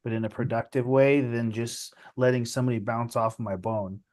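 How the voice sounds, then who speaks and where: A man joins a casual chat with short, dry remarks. His voice sits at an ordinary middle pitch. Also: fairly even intonation, moderate pace, a little mellow. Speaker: armwrestler guest.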